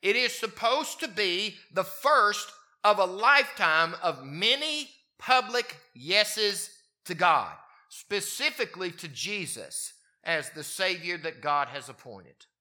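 Man preaching, fairly high voice, very bright tone, swings from soft to emphatic. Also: animated, slow. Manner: wide swings in pitch and loudness, rising to emphatic peaks. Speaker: pastor. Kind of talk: sermon.

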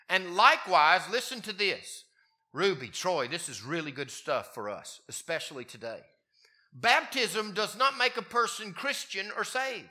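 A man preaching a sermon, his voice moving from quiet, low passages up to emphatic, raised peaks. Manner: wide swings in pitch and loudness, rising to emphatic peaks. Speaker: pastor.

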